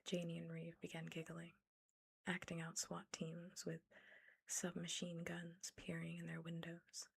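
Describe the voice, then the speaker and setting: A woman giving whispered ASMR storytelling, reading a novel aloud and breaking off into animated, incredulous asides. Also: lowish voice, measured pace, vocal fry, breathy edge. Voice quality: unvoiced whisper. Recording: close mic, ASMR setup.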